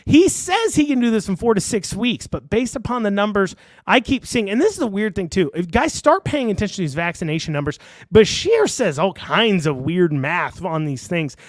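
A man's voice: high voice, sing-song, normal speed, dry recording. A man giving casual online political commentary, rambling and sarcastic, with many fillers and restarts.

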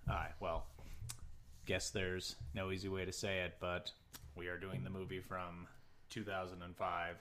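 A man hosting a horror movie podcast, chatting casually with quick jokes and teasing asides. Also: low-pitched, monotone, pushed and bright, slight background noise. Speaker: podcast host.

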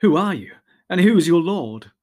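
A man's voice: high voice, sing-song, moderate pace, darkish tone, voice pushed up. A man voicing a polite, earnest young male hobbit who asks courteous questions.

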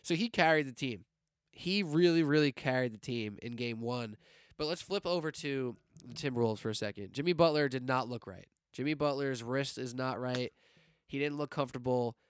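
A man co-hosting a sports podcast, talking casually and incredulously, quick to laugh. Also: mid-range voice, clean tone, dry recording. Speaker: podcast co-host.

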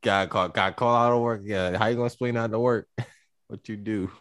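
A young man co-hosting a casual podcast, blunt and quick with his reactions. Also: fairly low pitch, steady tone, a bit bright, dry recording, clean studio sound. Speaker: podcast co-host. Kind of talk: casual chat.

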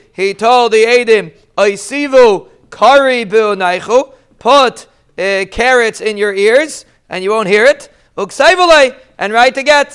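A man with a high, smooth, resonant voice teaches a Talmud study lesson. He works through the Aramaic line by line in relaxed English, with frequent restarts, and raises his voice when he acts out the quoted speakers.

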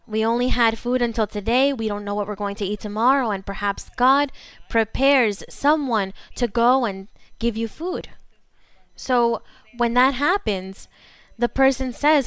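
A woman preaching a sermon to her congregation in a fervent way, slowing down for emphasis. Her first language is Spanish. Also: fairly high pitch, a bit bright, smooth, no room sound. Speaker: pastor.

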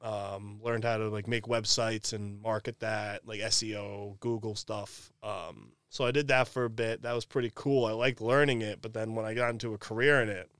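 A man's voice: lowish voice, fairly even intonation, normal speed, few pauses, fairly bright tone, clean tone, dry recording, clean studio sound. A young man, a podcast guest rambling casually about his work and family, with lots of fillers. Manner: laid-back, rambling with many fillers. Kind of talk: casual chat.

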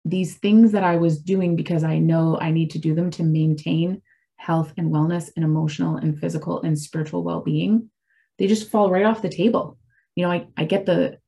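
A woman in her forties with a slightly low voice, speaking in a candid, reflective, conversational way. She pauses, restarts and leans on fillers as she works through personal thoughts on faith and recovery. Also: gravelly, mellow, breathy edge. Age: 40s. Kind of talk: casual reflective talk.

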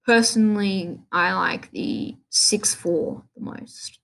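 A woman's voice: medium pitch, slow pace, gravelly. Rambling woman on a gaming podcast. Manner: rambling, restarts often, offhand. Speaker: podcast host. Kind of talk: casual solo gaming podcast.

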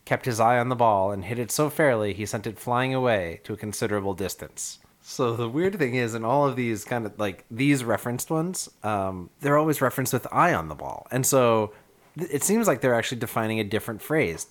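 A man's voice: on the low side, lively intonation, a little fast. A man co-hosting a casual podcast chat, explaining what he has looked up, with frequent ums and easy laughter. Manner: explanatory, laughs often, hesitant fillers. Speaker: podcast co-host presenting research.

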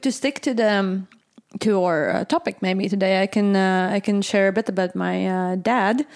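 A woman from Latvia, hosting a casual podcast chat, hesitant with many fillers and restarts and quick to laugh. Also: medium pitch. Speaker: podcast host.

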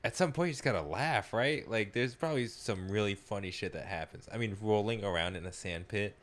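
A man with a somewhat low voice in a relaxed podcast conversation. He swears casually and chimes in with short agreeing replies. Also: fairly quick. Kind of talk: casual chat.

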